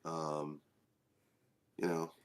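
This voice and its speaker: Man, very low voice, hoarse from a cold, casual podcast panelist, blunt and jokey. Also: monotone, very slow. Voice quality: deeper than usual.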